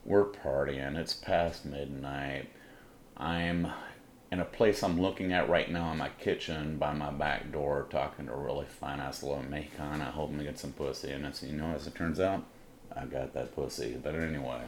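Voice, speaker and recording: A man's voice: extremely low pitch, fairly even intonation, normal speed, slight background noise. A middle-aged man, telling a crude, defiant personal story in blunt, profane first-person style as a podcast host. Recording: roomy room with faint ambience.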